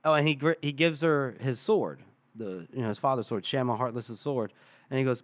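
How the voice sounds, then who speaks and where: A man's voice: medium pitch, animated, fairly quick, no echo. A man hosting a podcast, loosely retelling a chapter with fillers and laughs. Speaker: podcast host. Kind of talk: casual chapter recap.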